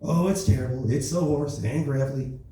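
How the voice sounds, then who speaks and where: A man's voice: medium pitch, normal speed, warm tone, distant mic, close to an everyday voice. A man putting on a boastful, rambling impression of an older male president during a stand-up set in a comedy club. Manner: brash, bragging, rambling. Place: comedy club open mic. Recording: echoey club recorded from afar.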